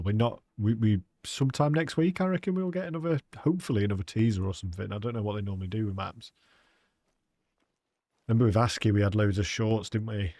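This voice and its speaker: A man's voice: fairly low pitch, darkish tone, no room sound, clean studio sound. A man giving chatty, rambling live commentary as he plays a hunting game and talks to his chat. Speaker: game streamer.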